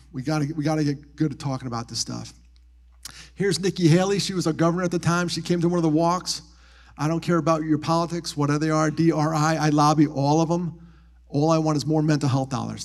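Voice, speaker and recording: A man giving a live talk as a motivational speaker, telling personal stories with animated, acted-out quotes and quiet, softened moments. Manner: animated, acts out quoted voices with big pitch jumps; drops to soft, quiet tones on grief. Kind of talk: live storytelling talk on suicide prevention. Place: military base venue.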